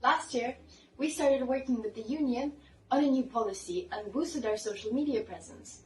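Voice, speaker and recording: Woman, student campaigner, steady scripted update, mellow and a bit high, echoey room, distant mic. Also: normal speed, a little hiss or hum. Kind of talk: scripted promotional announcement.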